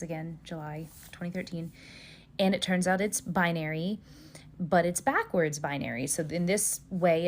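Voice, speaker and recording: Hesitant woman telling a strange story. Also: lowish voice. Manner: hesitant, many restarts and fillers, earnest. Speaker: social media storyteller. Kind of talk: casual first-person storytelling to a phone.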